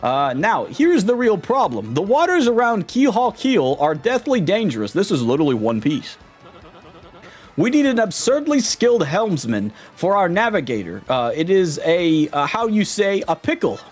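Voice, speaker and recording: A man's voice: sits high, wildly swooping pitch, moderate pace, soft background music, voice pushed up, full character voice. A man voicing a pompous, boastful wealthy male ship owner, reading game dialogue aloud in a grand, theatrical way. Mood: fretful.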